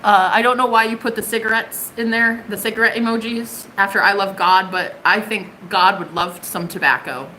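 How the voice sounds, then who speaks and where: A woman's voice: mid-range voice, fairly even intonation, normal speed, hardly any pauses, bright, forceful tone, a little hiss or hum, poor audio. A young woman from the United States giving a live-stream tarot reading, chatty and bubbly with plenty of swearing. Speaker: tarot reader.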